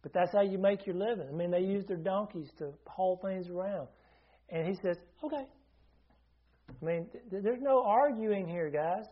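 A man's voice: high-pitched, normal speed, highs cut off. A man preaching a sermon in a conversational teaching manner, often asking his listeners questions and restarting his sentences.

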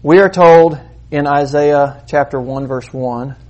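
A man preaching a sermon, moving between quiet asides and loud, emphatic points. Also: a little high, takes it slowly, dull audio. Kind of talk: sermon with demonstration.

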